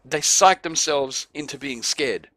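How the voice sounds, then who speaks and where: Swearing, animated podcast guy, dry sound. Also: fairly high pitch, a little slow, no room sound. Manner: animated storyteller, swears, acts out friends' reactions. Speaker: podcast host. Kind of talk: casual chat.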